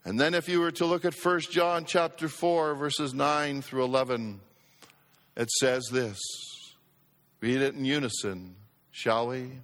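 A man's voice: medium pitch, fairly even intonation, a little slow, fairly bright tone. A man preaching a sermon as pastor, emphatic, repeating phrases for effect and calling out to the congregation in a church sanctuary. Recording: long church-hall reverb.

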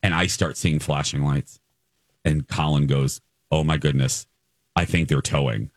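A man's voice: a bass voice, steady tone, measured pace, no room sound. A man hosting a morning radio show in casual chat, telling stories with gleeful, playful exaggeration.

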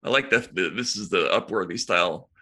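A man's voice: sits low, fairly quick, sharp tone, slightly rough. A man co-hosting a podcast, chatting casually and reading news stories aloud with wry asides. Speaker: podcast co-host.

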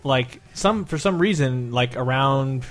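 A man in his thirties, a podcast co-host, telling animated stories in casual chat. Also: mid-range voice, unhurried, soft background music. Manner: animated storytelling, swearing.

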